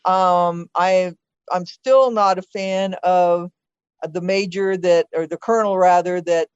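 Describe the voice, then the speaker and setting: A woman's voice: lowish voice, fairly even intonation, slow pace, darkish tone, clean tone, no room sound. An older woman talking earnestly about past elections on a podcast, opinionated and often restarting her sentences. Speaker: podcast guest, host's mother. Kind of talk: casual political conversation. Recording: dull dry sound.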